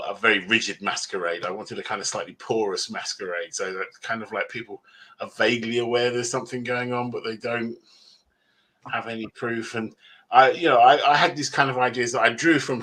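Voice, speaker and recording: Bright, husky man, self-mocking. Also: fairly low pitch. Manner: rambling, self-mocking, laughs often. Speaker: author guest. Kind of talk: convention panel interview. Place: convention panel room.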